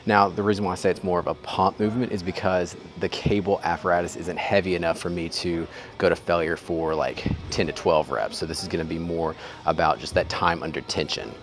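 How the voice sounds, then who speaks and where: A man's voice: deep voice, brisk. A young man talking through his arm workout in a gym, casual and full of fillers, a bit out of breath between sets. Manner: explaining exercises while training, filler-heavy and relaxed. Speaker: fitness vlogger.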